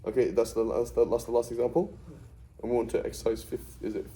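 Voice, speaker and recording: A man's voice: medium pitch, level tone, fast talker, dark tone, low-quality recording. A middle-aged man teaching a Quranic Arabic class in a conversational way, often checking with "right?". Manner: explains with frequent "right?" checks.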